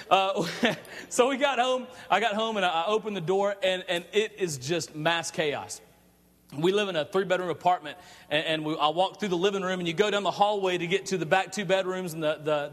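A man preaching in a chatty, animated storytelling way, often stumbling and repeating words. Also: sits high. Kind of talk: storytelling sermon. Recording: long reverb of a large hall.

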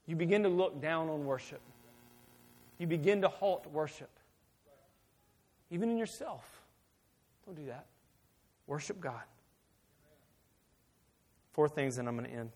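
A man preaching a sermon as pastor, swinging from hushed, intimate talk to loud, emphatic shouting. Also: mid-range voice.

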